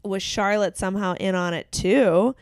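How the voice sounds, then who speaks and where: A woman's voice: mid-range voice, normal speed, a little mellow, smooth, no room sound, clean studio sound. A woman co-hosting a podcast, chatting casually and rambling through questions with lots of fillers. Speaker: podcast co-host. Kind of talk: casual chat.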